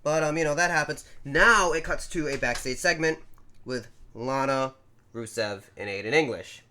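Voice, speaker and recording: A man's voice: medium pitch, normal speed, a little hiss or hum. A man co-hosting a podcast, casually retelling events and acting out quotes as he goes. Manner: animated storytelling, acting out quotes. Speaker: podcast co-host. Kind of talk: casual recap chat.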